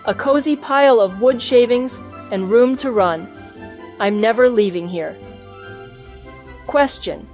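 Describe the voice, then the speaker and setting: A woman reading a children's storybook aloud in an even, clear storytelling manner, voicing the hamster who narrates his own adventure. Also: on the high side. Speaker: storybook reader. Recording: soft music behind the voice.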